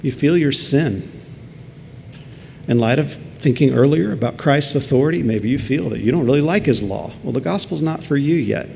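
A man's voice: mid-range voice, expressive, normal speed, gravelly, a little mellow, a little hiss or hum. A man preaching a sermon earnestly, building to emphatic peaks. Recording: long hall reverb, faint ambience.

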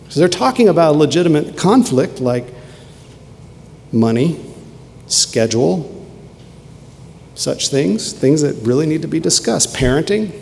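A man's voice: fairly high pitch, vocal fry. Man, pastor, sermon, earnest and emphatic, long hall reverb, faint room noise. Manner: earnest, rising to emphatic questions then dropping quiet.

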